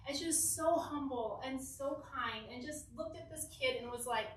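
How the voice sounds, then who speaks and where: A young woman from Southern California telling a lively, giggly personal story to a church youth group, acting out the quotes. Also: high voice, moderate pace, recorded from a distance, a little hiss or hum. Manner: animated, giggly, acts out quotes. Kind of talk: casual storytelling talk. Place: church hall. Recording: echoey hall, mic from afar.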